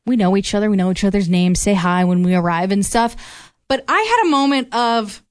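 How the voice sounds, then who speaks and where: A woman's voice: medium pitch, lively intonation, a little fast, no room sound. Chatty woman co-hosting radio, dry sound. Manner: chatty storyteller, laughs easily. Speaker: radio co-host. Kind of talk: casual radio chat.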